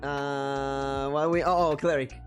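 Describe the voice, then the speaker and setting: A man's voice: mid-range voice, little pitch movement, slow pace, faint music behind. Enthusiastic man running a game. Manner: enthusiastic, playful. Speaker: streamer and game master. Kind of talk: casual chat.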